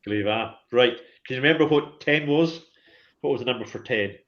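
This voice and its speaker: A man leads a calm one-to-one language lesson, voice at an ordinary middle pitch. He is patient and encouraging as he drills words with his learner. The sound is dull and lo-fi. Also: a little fast. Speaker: Gaelic language teacher.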